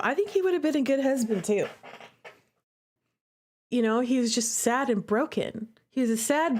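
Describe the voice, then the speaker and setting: High-voiced woman streamer reading aloud. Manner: emotional, chatty, indignant on the character's behalf. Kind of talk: reading a visual novel aloud and reacting. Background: faint guitar music.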